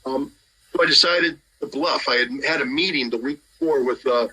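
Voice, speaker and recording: Bright, husky man telling stories. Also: mid-range voice, brisk, rough recording. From United States. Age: middle-aged. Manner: lively, acts out dialogue with shifting voices. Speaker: guest telling a story. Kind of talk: animated anecdotal storytelling.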